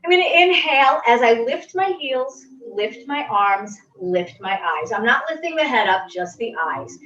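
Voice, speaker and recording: A woman fitness instructor calmly guiding a stretching class with gentle, reassuring cues. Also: fairly high pitch, measured pace. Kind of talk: guided exercise instruction. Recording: roomy, distant, dull audio.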